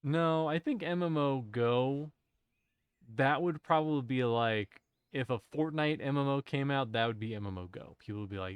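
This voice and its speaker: A man's voice: mid-range voice, normal speed, clear, resonant tone, no echo. A man streaming a game, chatting casually to his viewers, musing aloud in a rambling way and often cutting himself off mid-thought. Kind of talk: casual live-stream chat while gaming.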